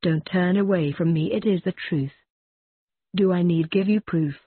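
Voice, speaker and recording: Grim Reaper, male skeleton in a monk's robe, clipped and snappish, read by the narrator, husky, tinny phone-line sound. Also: medium pitch, normal speed, no room sound. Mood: solemn. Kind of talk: reading a ballad aloud.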